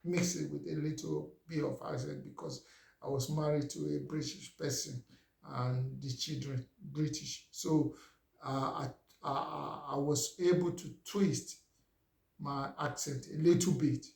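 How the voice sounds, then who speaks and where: A man's voice: a little high, a little slow, vocal fry, darkish tone. A middle-aged Nigerian man, a Yoruba speaker, telling a casual story in a chatty way and often asking "you understand?". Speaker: vlogger. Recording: roomy echo.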